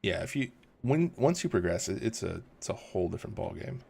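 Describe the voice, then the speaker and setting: A man with a low, gravelly and husky voice chats casually on a livestream. He rambles, chuckles often and reads out questions from chat, sounding tired in the early morning. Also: big pitch swings, fairly quick, a little mellow. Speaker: livestream host.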